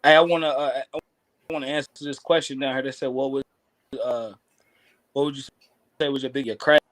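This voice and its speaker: A man's voice: mid-range voice, fairly even intonation, a little fast, fairly bright tone, no room sound. A man in his thirties with a Kentucky Southern accent, a rapper telling stories in a casual interview, laid-back and full of slang. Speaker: rapper guest.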